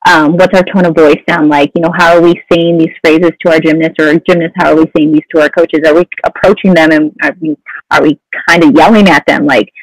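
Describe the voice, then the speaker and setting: A woman's voice: low-pitched, fairly even intonation, brisk, low-quality recording. A woman counselor talking casually as a podcast guest, often saying "you know". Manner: conversational, many "you know" fillers. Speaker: mental health counselor guest.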